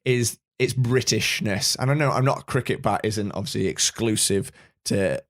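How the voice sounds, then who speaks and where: A man's voice: lowish voice, normal speed. A man, co-hosting a podcast in casual chat, talking with rambling fan enthusiasm. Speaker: podcast co-host.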